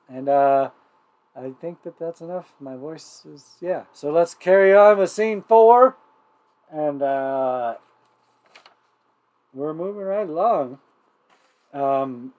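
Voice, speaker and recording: A man's voice: a little high, darkish tone. A man hosting a livestreamed variety show, talking casually and rambling through intros with lots of fillers and restarts. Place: home livestream setup.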